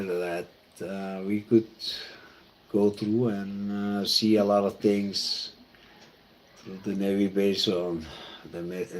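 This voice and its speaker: A man from Iceland with an Icelandic accent, a pastor telling personal stories in a halting, reflective way. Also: lowish voice, a little mellow, slight background noise. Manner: halting and reflective, with many fillers and restarts. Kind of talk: personal storytelling talk.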